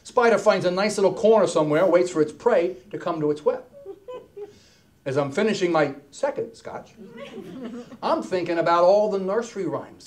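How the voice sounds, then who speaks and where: A man telling a comic story on stage as a keynote speaker, wisecracking and animated, dropping into hushed asides. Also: sits high, a little fast. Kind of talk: stand-up comedy storytelling. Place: stage before a live audience.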